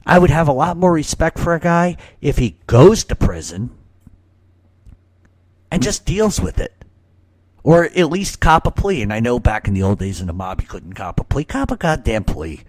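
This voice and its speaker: A man's voice: medium pitch, sing-song, moderate pace, no room sound. Male talk host, mid-range voice, heated profane delivery, dry recording. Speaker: mob talk show host. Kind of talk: casual Q&A talk show.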